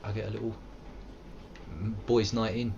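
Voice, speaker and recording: A man's voice: on the low side, flat delivery, normal speed, gravelly, lo-fi sound, noisy background. An English man in his thirties, rambling playfully as he streams a game live and chats with viewers. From England. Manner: playful, rambling, bursts into silly put-on voices. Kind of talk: live gameplay commentary.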